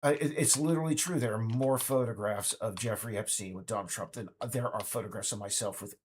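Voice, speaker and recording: A man's voice: lowish voice, brisk, a little hiss or hum. A man in his fifties speaking in a casual, indignant, rambling monologue full of restarts. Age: 50s. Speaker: game developer vlogger.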